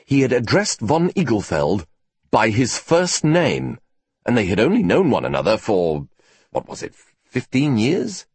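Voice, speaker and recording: A man reading a novel aloud in a measured, wry storytelling manner. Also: fairly low pitch, huge pitch swings, husky, no echo. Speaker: narrator. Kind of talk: scripted audiobook narration.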